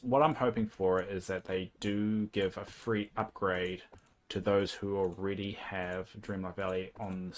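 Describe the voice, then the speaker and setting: Kiwi man streaming, low relaxed voice. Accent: New Zealand. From New Zealand. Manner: relaxed, rambling, thinking aloud with fillers. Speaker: livestreamer. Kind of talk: casual livestream commentary while playing a game.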